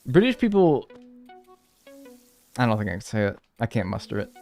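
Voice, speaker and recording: Male streamer, casual and jokey, swears freely, soft music underneath. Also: fairly low pitch, steady tone, very fast, gravelly. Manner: playful, bantering with chat, swears, mock-outraged. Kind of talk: casual live-stream chat.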